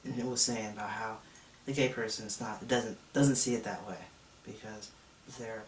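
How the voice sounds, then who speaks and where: A man's voice: lowish voice, steady tone, moderate pace, a little hiss or hum. A man in his thirties telling his own story in a reflective, confessional way. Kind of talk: personal testimony vlog. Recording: echoey room, mic at a distance.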